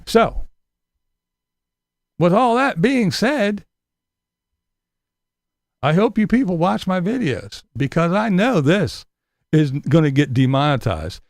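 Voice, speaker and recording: Gravelly, sarcastic ranting man. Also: high-pitched, very animated, slow, long pauses, dry recording, studio quality. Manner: profane, sarcastic, combative. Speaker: vlogger. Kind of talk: ranting monologue to camera.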